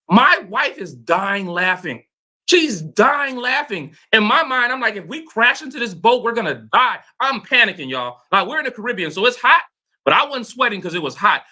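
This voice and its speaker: A man with a high, strikingly bright voice tells a personal story as a motivational coach. He is dramatic and animated, and he keeps turning to address his listeners directly.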